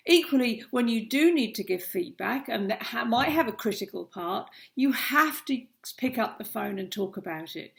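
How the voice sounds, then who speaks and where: Earnest woman with a gravelly edge. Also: on the high side. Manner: earnest, emphatic, speaks straight to the viewer. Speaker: coach. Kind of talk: direct-to-camera advice vlog.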